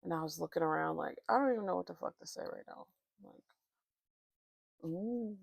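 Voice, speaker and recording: A woman's voice: fairly low pitch, normal speed, gravelly, dry recording, studio quality. A woman vlogger chatting casually, telling a rambling, profane, candid story with many restarts.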